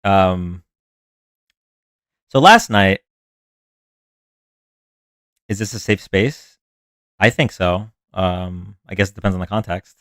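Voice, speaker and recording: A man's voice: deep voice, slow, pauses often, fairly bright tone, no room sound. A man hosting a live stream in a casual, rambling way, chatting with viewers and reacting to their comments. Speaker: livestream host. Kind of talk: casual livestream chat.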